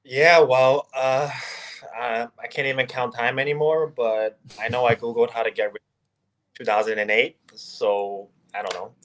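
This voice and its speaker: A man who founded a marketing agency, a guest on a podcast interview, speaking in a relaxed, casual way and laughing easily. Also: mid-range voice, unhurried.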